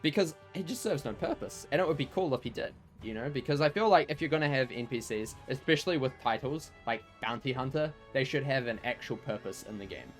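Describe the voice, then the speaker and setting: A man's voice: mid-range voice, expressive, brisk, hardly any pauses, soft background music. A man chatting casually on a game livestream, rambling and full of fillers. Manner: rambling, lots of "like" and "you know". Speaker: game streamer.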